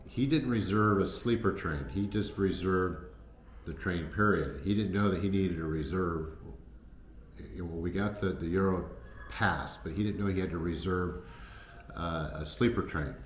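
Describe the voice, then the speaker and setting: A man casually telling travel stories to the camera, rambling with many fillers and restarts. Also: deep voice. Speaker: travel vlogger. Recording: echoey room with faint noise.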